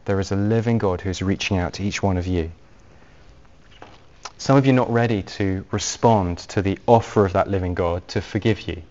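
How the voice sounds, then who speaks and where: A man preaching an evangelistic sermon, speaking earnestly and gently as he leads into a quiet prayer. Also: sits low, normal speed. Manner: earnest and gentle, softly paced appeals. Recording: dull lo-fi recording.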